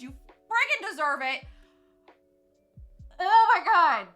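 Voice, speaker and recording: Young woman streamer gushing at chat, high bright voice, laughs a lot, faint music behind. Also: sing-song, measured pace, long pauses. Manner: bubbly and gushing, laughs often. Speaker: live streamer. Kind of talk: casual live-stream chat with viewers.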